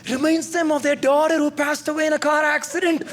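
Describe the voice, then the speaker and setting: A comedian voicing his emotional, fretful mother, hushing someone anxiously. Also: very high voice, little pitch movement, a little fast, slight background noise.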